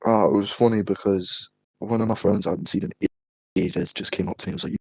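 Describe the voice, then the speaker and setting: A man's voice: on the low side, fairly even intonation, quick pace, creaky, darkish tone, husky, no room sound, poor audio. A young man, co-hosting a casual late-night podcast chat, laid-back and swearing casually as he recounts stories. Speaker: podcast co-host.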